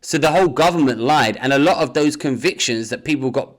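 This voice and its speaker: A man in casual podcast chat. His pitch sits in the middle and he leans on key words with disbelief. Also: a little fast. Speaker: podcast co-host.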